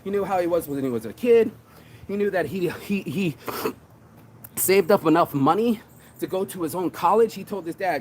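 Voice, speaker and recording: A man's voice: high-pitched, animated, moderate pace, a little hiss or hum. A man giving a casual motivational monologue about business, slangy and swearing often, hyping himself up. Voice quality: slangy street talk, says bro a lot. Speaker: entrepreneur and shirt designer.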